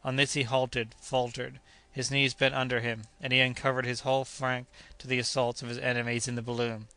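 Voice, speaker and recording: A man narrating an adventure novel as an audiobook, reading steadily and raising his voice for the characters' shouts. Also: mid-range voice, flat delivery, a little fast, smooth, dry recording. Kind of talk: scripted narration.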